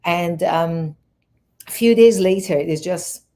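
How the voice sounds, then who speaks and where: Deep gravelly woman from iran, fifties, rambly interview storytelling, keeps restarting. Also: slow. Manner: rambling, animated retelling with many restarts. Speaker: guest, fitness and wellness coach.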